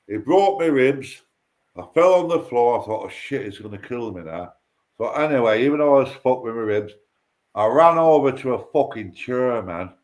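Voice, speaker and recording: A man's voice: mid-range voice, lively intonation, normal speed, darkish tone. A man telling a rambling, sweary story on a casual livestream chat, repeating himself and tripping over his words.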